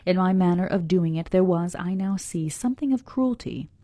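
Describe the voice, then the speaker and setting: A woman's voice: fairly low pitch, animated, moderate pace, no echo. A woman hosting a live book club, reading a classic novel aloud and stumbling now and then over names, with whispered asides and chatty comments to her viewers. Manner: drops into soft whispered asides; self-deprecating and talks straight to her viewers. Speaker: book club livestream host.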